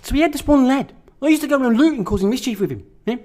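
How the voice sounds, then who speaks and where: A rapid, high-pitched talker who rattles off absurd tales with a straight face. He caps almost every sentence with a questioning "yeah?", staying earnest and deadpan throughout. The voice sits well above a normal man's, and the delivery barely pauses. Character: deadpan English activist man telling absurd tales. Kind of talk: parody interview impression.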